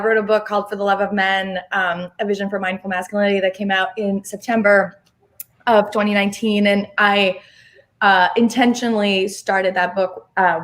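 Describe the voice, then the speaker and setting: A woman's voice: mid-range voice, a bit bright. Brief: female author guest, mid-range voice, casual delivery with restarts. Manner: conversational, with some restarts. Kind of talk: interview answer.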